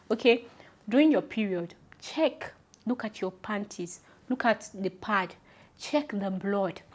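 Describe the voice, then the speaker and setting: A young woman with a Nigerian accent giving casual, emphatic advice to her viewers, often repeating her points and calling them "my love". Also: mid-range voice. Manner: chatty, affectionate, repeats instructions emphatically. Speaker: vlogger. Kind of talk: casual advice talk to camera.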